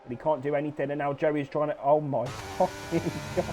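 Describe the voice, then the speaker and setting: A young man commentating an online racing league, frantic and sweary, shouting when cars crash. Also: a little high, moderate pace, a little hiss or hum. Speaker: race commentator. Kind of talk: excitable sim racing commentary.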